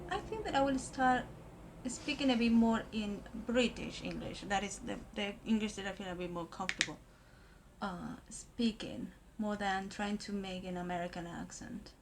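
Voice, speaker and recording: A woman from Argentina, talking through a makeup tutorial in a hesitant way with many pauses and fillers. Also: mid-range voice, noisy background. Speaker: makeup vlogger.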